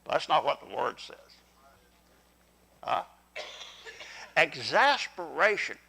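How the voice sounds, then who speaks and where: An older man preaching a folksy, animated sermon in church. His voice sits fairly high and swings up and down a lot. It has a gravelly edge and a bright, forceful ring. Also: slow, rough recording. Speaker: pastor. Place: church sanctuary.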